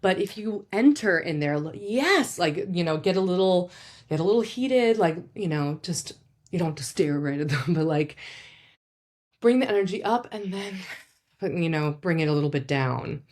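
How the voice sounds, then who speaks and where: A woman's voice: deep voice, lively intonation, moderate pace. A woman psychologist explaining in a casual, conversational way, often filling with "like" and asking "right?". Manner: conversational, many "like" and "right?" fillers.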